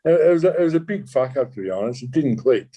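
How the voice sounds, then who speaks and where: A man, a former undercover cop, recounting a true story in an interview, halting with many restarts and swearing casually. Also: mid-range voice, expressive, dark tone, husky, poor audio. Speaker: former undercover police officer.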